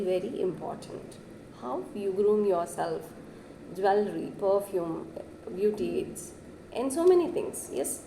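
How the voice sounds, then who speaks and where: A woman delivers a classroom lecture in a soft, mellow voice. She says "yes" again and again and lifts her pitch to stress points. The recording sounds echoey, with a faint hiss of background noise. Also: creaky. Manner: repeats "yes" often, stresses words with rising pitch.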